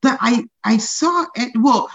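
A woman stand-up comedian in a casual interview, talking fast and loose with lots of "like" fillers and frequent laughter. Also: fairly high pitch, creaky, fairly bright tone, breathy edge, no echo, muffled recording.

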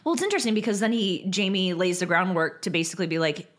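Casting: female podcast co-host, slightly low voice, chatty and eager. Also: fast talker, fairly bright tone. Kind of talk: casual chat recapping a TV episode.

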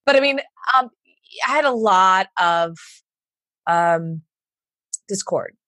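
A woman from the States, telling her story in an interview in an animated way, acting out what others said and laughing often. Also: mid-range voice, slow pace, no room sound. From Southern United States. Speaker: entrepreneur guest.

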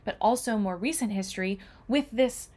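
Woman podcast co-host, casual travel chat, enthusiastic storyteller, mid-pitched voice. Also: moderate pace, a little mellow. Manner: chatty, enthusiastic storytelling with fillers.

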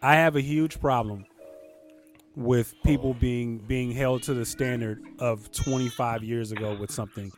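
A man's voice: medium pitch, steady tone, a little slow, music in the background. A man co-hosting a podcast, making his case emphatically and repeating himself when cut off. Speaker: podcast co-host. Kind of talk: casual debate.

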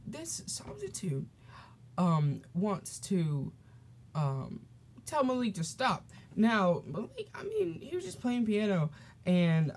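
A teenage boy talks casually on his solo podcast. His storytelling rambles, full of "um"s and restarts, and he sometimes acts out the people in his story. His tone is loose and chatty. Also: sits high. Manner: rambling and animated, with many fillers and restarts. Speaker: podcast host.

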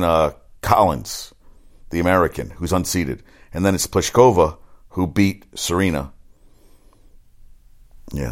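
A man with a slightly low voice rambles excitably through a casual sports chat, swearing freely as he goes. He talks like a personal trainer recapping his day and the games he watched. His delivery is loose and unscripted.

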